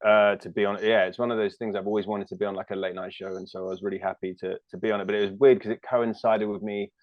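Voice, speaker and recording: A British man in his thirties talks loosely and self-deprecatingly, full of fillers and restarts. His voice sits low. The recording is dry and a little dull. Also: little pitch movement, quick pace, no echo. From United Kingdom. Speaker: comedian guest. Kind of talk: casual interview chat.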